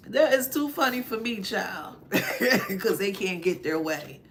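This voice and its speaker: A woman's voice: mid-range voice, measured pace, fairly bright tone, slight background noise. A woman giving a spiritual tarot card reading to her viewers. She laughs often and slips in mocking asides.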